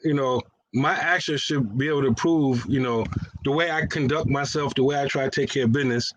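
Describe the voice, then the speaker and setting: A man's voice: mid-range voice, brisk, a little hiss or hum, low-quality recording. A man co-hosting a casual religious discussion, teasing and laughing often and putting on voices when he quotes people. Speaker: co-host.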